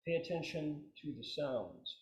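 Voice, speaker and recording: A man teaching a meditation class, relaxed and joking, leading his students through chanted repetitions. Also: a little high, a little slow. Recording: roomy, echoey room.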